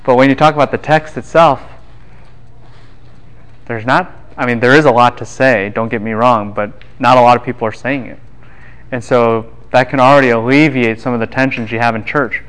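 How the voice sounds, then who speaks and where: A man giving a university classroom lecture in a relaxed, joking way, often acting out what other people would say. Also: medium pitch, normal speed, smooth, rough recording. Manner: casual, quips and acts out voices of students and scholars.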